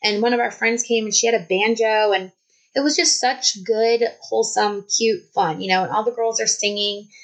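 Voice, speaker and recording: A woman, telling a personal story in a casual, animated vlog style. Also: on the high side, moderate pace, rough recording. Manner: chatty, animated, many "like"s. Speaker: vlogger.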